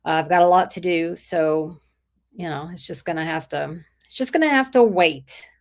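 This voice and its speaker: A middle-aged woman with a sore throat hosts a casual livestream at normal speed, her voice on the low side. Chatty and rambling, she goes through viewer comments and greets people by name.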